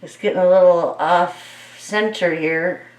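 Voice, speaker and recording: In an echoey room with the mic set well back, a woman narrates her paint pouring, chatting playfully and urging the paint along with easy delight. Her fairly low voice is fairly even in intonation and a little slow.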